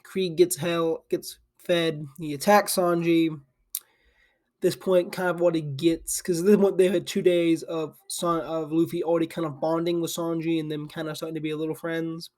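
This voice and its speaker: A young man recorded at his desk, in a slightly high voice. He talks in a loose, sleepy ramble, and his thoughts keep looping back on themselves. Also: little pitch movement, normal speed, a little mellow. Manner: loose and chatty, full of "like" and restarts. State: sleepy and yawning. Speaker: anime channel host. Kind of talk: casual rambling retelling. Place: home desk with a camera.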